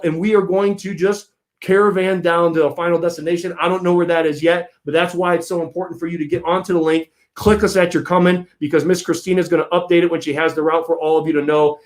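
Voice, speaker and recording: A man with a rather high voice gives a pumped-up talk to his supporters. He speaks emphatically and returns to the same rallying lines over and over, like a host revving up his people. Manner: energetic and emphatic, repeats rallying phrases. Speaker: host of a political movement channel. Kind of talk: fired-up pep talk to supporters.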